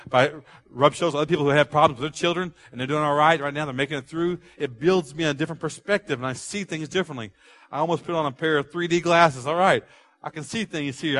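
A man preaching a sermon, animated, building rhythm with repeated phrases and acting out quoted voices. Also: fairly high pitch. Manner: animated preaching, acts out quotes with rising volume. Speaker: pastor.

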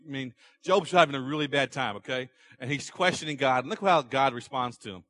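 A man's voice: medium pitch, a little fast, hardly any pauses, a bit bright. A middle-aged man preaching a sermon in a conversational way, asking rhetorical questions and repeating his points. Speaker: pastor.

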